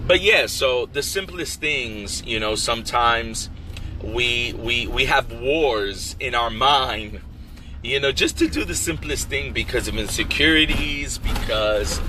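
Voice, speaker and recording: A man who runs a restaurant speaks to his online followers in a slow, unhurried way. His voice is bright and forward, and he leans on fillers as he encourages them. A faint background noise sits under the recording. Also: medium pitch. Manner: heartfelt, encouraging, many fillers. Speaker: restaurant owner. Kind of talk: casual motivational vlog. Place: in a car, then a wholesale store.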